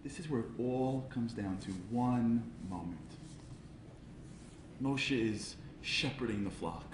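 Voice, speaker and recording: A man gives a comic storytelling speech at a charity event. He acts out voices and builds to loud peaks. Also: mid-range voice, slow pace, reverberant, background noise. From Brooklyn, New York.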